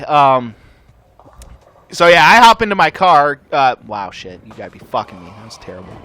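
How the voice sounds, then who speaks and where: A young man hosting a gaming channel, telling a rambling, profane story over gameplay in a casual, animated way. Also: on the high side.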